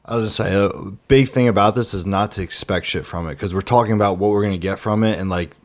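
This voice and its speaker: A man's voice: lowish voice, fast talker. A young man co-hosting a podcast, speaking earnestly and rambling with lots of fillers and swearing. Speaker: podcast co-host. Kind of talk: casual podcast chat.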